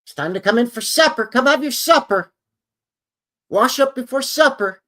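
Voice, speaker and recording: A man's voice: very high-pitched, lively intonation, moderate pace, pitched above the performer's own voice, full character voice. A man doing a mother hollering for her kid. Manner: calling loudly from afar.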